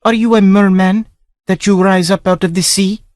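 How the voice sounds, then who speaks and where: A man's voice: sits high, steady tone, moderate pace, no echo, studio quality, voice pushed up, lightly acted. A man doing a startled young noblewoman.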